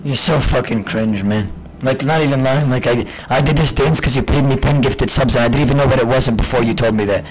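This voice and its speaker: A man streaming games live, chatting casually with profane trash talk and bursts of shouting. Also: mid-range voice, a little fast, poor audio. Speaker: game streamer. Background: music.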